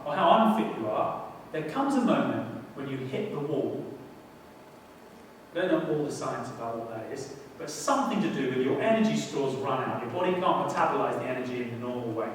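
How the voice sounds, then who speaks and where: Echoey high-voiced preacher. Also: male voice, normal speed, slight background noise. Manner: animated, conversational preaching with sudden loud emphasis. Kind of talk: sermon. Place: church hall. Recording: echoey hall, mic at a distance.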